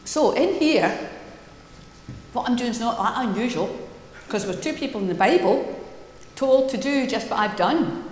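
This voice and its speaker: A woman's voice: on the high side, moderate pace, long pauses, slight background noise. Woman minister in an echoey church. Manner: animated and playful with children. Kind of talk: children's talk in a church service. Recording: echoey church hall with long reverb.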